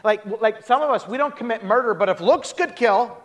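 A man preaching a sermon as pastor, telling stories in an animated way with quick restarts. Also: very high-pitched, big-room sound.

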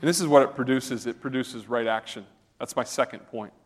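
A man's voice: mid-range voice, fairly quick. A man preaching a sermon as a pastor, earnest and conversational, asking his listeners direct questions. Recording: long reverb of a hall.

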